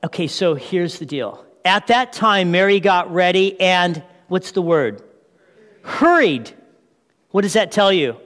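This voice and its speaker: High-voiced preacher man in a reverberant hall. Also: a little slow. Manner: lively, asks the audience questions, acts out scenes. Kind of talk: animated sermon. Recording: long reverb of a large hall.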